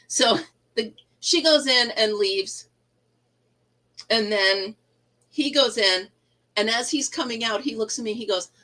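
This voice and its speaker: A woman's voice: mid-range voice, pushed and bright, low-quality recording. A middle-aged woman hosting a casual live chat, telling a funny story and laughing often. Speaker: livestream host.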